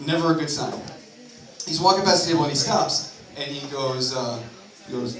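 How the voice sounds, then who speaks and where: At a bar open mic, a young man performs a rambling, profane stand-up set packed with self-mocking asides. His voice is medium-pitched and a bit bright, at a moderate pace. A distant camera captures it, with the echo of the bar.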